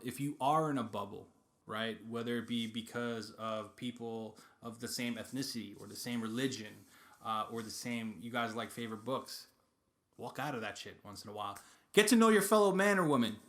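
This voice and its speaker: Bright-voiced joking podcast co-host, man. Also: medium pitch, fairly even intonation, moderate pace. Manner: joking, self-deprecating banter. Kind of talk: casual podcast chat.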